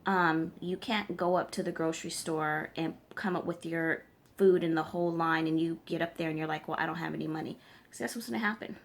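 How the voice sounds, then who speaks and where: In a direct-to-camera advice vlog, a tarot reader and spiritual practitioner talks a little fast in a low-leaning voice with fairly even intonation. Her advice is emphatic, and she keeps checking in with her audience as she lectures.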